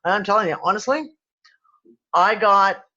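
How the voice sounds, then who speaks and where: A man's voice: high voice, moderate pace, sharp tone, muffled recording. A man with a West Midlands English accent, co-hosting a casual chat, rambling and swearing freely with many restarts. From England. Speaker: podcast co-host.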